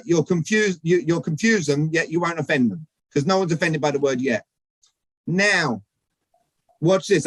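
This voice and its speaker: A man giving an energetic live talk on sales communication to a networking audience, asking them questions directly. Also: fairly high pitch, no room sound, low-quality recording. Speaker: speaker at a networking event. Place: event room with audience.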